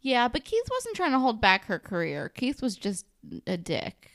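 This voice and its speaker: A woman's voice: fairly high pitch, huge pitch swings, moderate pace, fairly bright tone. A young woman in casual chat about a show, dropping wry, sarcastic asides.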